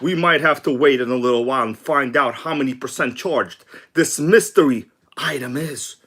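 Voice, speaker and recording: A man hosting an RC livestream, energetic and joking as he gives shout-outs to viewers. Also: medium pitch, moderate pace, slightly rough. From from abroad. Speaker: RC livestream host. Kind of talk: excited casual livestream chat.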